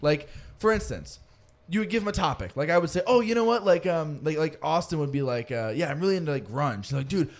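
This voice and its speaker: A young man hosting a podcast, telling rambling, animated stories between friends and swearing freely. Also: on the high side, quick pace. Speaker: podcast host. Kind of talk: casual chat.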